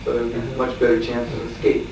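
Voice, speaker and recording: A man, a monk lecturer, telling a story in a scripture class, chuckling often and filling his pauses with "uh". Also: mid-range voice, monotone, gravelly, a little mellow. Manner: storytelling with chuckles and frequent fillers. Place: lecture room at a farmstead. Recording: echoey room, distant mic, faint hiss.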